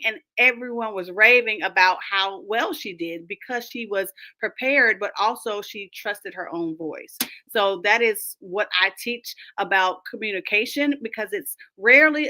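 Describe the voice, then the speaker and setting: A woman coach speaking emphatically as a roundtable guest, animated and often laughing as she makes her points. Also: medium pitch. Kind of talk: roundtable conversation.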